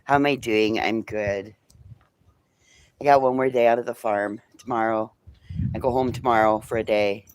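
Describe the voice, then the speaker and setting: A man's voice: fairly low pitch, steady tone, normal speed, pauses often, clean tone. Blunt swearing man chatting to his pets. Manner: blunt, swears freely, talks to his animals. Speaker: vlogger. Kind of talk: casual morning chat to camera and pets. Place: farm house and yard.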